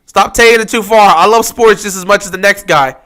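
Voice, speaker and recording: A man's voice: high voice, brisk, pushed and bright. A man hosting a casual live stream, talking over a football game and mocking upset fans with whiny impressions.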